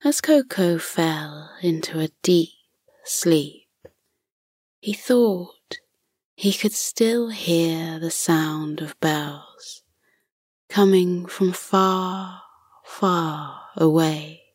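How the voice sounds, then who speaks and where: A woman narrating a bedtime story for children in a soft, hushed voice that often drops to a whisper. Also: on the low side, drawn-out words, no echo, clean studio sound.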